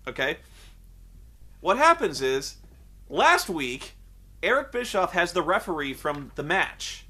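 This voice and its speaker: A fairly high, bright-toned man rants in a casual review, and his pitch swings widely. He is sarcastic and swears freely, and he keeps wandering off on tangents before catching himself. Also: takes it slowly, breathy edge. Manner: animated, profane, sarcastic, goes off on tangents. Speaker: wrestling show reviewer. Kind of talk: casual ranting commentary.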